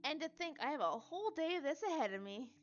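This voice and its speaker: A woman's voice: high-pitched, sing-song, quick pace, highs cut off, soft background music. A woman streamer reading a story game aloud, with chatty, giggly asides between narration.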